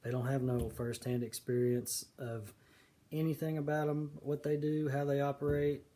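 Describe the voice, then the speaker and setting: A man giving casual, earnest commentary on scripture, stressing key words slowly. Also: mid-range voice, level tone, dark tone. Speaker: video preacher.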